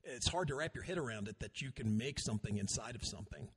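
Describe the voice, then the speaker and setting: A man's voice: medium pitch, lively intonation, quick pace, slightly rough. A man co-hosting a podcast, telling a rambling, self-deprecating story in casual chat. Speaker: podcast co-host.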